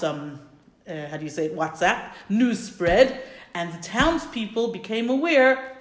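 A woman religious teacher explaining a prayer and telling a story, enthusiastic and thinking aloud as she corrects herself. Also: lowish voice. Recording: roomy echo.

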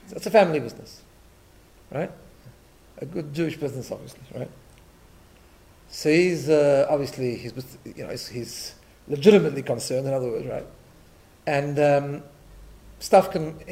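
A man's voice: on the high side, darkish tone. Man giving a conversational Torah class. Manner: conversational teaching, storytelling with Yiddish and Hebrew terms, tags with "right?". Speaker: rabbi teaching a class.

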